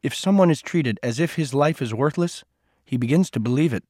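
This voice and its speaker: A grave, blunt older man, as a male narrator puts him on, reproachful and unbending. He is read in a dry, close storybook voice at a middle pitch. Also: lively intonation, a little fast, darkish tone, no room sound, lightly acted. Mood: stern.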